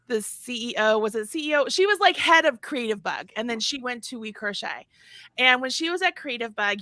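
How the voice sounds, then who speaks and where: A woman's voice: fairly high pitch, no room sound. A woman co-hosting a casual podcast chat, telling stories with lots of laughter and acted-out quotes. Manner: animated storyteller, laughs often, acts out quotes. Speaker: podcast co-host.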